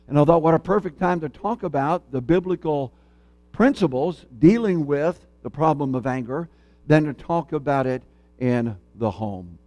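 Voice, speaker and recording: A man preaching a sermon in church, telling a folksy story and then speaking in a measured, earnest way. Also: on the high side, darkish tone, dry recording. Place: church sanctuary.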